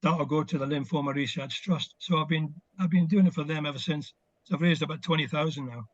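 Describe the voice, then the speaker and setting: This former footballer, now older, chats over a video call as an interviewee, warmly recalling old times with lots of filler words. He speaks fairly quickly at a fairly high pitch with a steady tone. There's no echo, but the highs are cut off.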